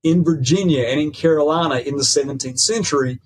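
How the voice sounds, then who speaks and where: A man speaking as a podcast guest and professor, in a measured, lecturing way that mixes academic phrasing with folksy "ain't" and frequent "right?" checks. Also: fairly high pitch, rough recording. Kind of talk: conversational lecture.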